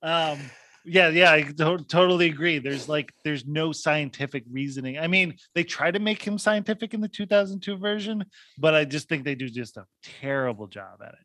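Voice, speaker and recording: A man's voice: a little high, moderate pace, pushed and bright, dry recording. A man co-hosting a podcast, chatting casually about films, rambling and searching for words with lots of fillers. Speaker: podcast co-host.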